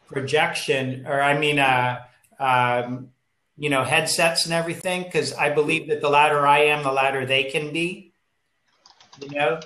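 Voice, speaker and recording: A man on a video call who speaks in a fairly high, bright voice. He hesitates a lot, filling the gaps with ums. The room around him is echoey. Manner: hesitant, full of ums and restarts. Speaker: guest asking a question. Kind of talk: casual chat on a video call.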